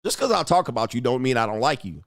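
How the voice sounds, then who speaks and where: A man hosting a livestream, ranting at his viewers in a loud, mocking, insulting way. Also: medium pitch, sing-song, quick pace, vocal fry, no room sound, studio quality. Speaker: online dating coach host. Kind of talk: livestream rant.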